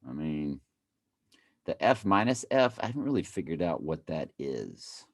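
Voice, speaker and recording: A man's voice: a bass voice, big pitch swings, a little slow. A man giving casual, playful commentary over a video he plays, repeating phrases in a mock chant and breaking into sudden exclamations.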